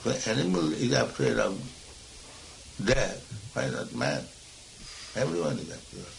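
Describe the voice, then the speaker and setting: A gravelly-voiced man leads a philosophical discussion as a spiritual teacher. He lectures emphatically and admonishes his listener. A faint ambient hum sits behind him. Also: medium pitch, big pitch swings, a little slow, rough recording.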